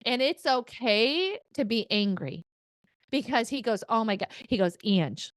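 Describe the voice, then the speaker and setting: In an unhurried voice on a dry recording, a woman conducts a casual reading as a spirit medium. She's talkative and laughs often, swears occasionally, and switches to an excited, higher voice to relay what's been said.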